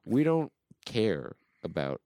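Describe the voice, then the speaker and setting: A man's voice: fairly low pitch, very animated, slow pace, dark tone, no echo. A man hosting a podcast in casual chat, joking and reading reviews aloud with dramatic flair. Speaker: podcast host.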